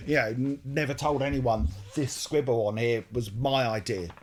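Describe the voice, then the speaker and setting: Male co-host, mid-pitched, loose rambling delivery with jokes and self-corrections. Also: moderate pace, slight background noise. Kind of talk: casual chat.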